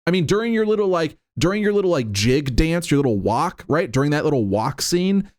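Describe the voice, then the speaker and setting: A man's voice: on the high side, very animated, fairly quick, a little mellow. A man hosting a reaction commentary, talking in an incredulous, sarcastic way and leaning on "right?" and "like" between points. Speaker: commentary host.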